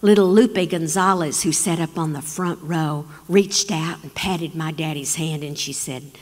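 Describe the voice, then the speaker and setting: A woman's voice: low-pitched, measured pace, hardly any pauses. Woman, storyteller, from Texas, dramatic pacing, live performance, long reverb.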